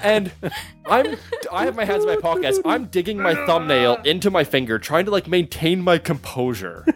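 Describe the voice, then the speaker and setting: Male podcast host, animated storyteller, lively pitch, faint music behind. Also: normal speed. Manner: animated, laughing through anecdotes. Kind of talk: casual storytelling.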